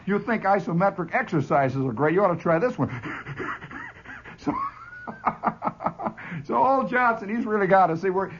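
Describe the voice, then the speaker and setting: A male radio host telling an animated story with frequent chuckles, on a dull lo-fi 1970s radio broadcast. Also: sits high, normal speed. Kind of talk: storytelling monologue.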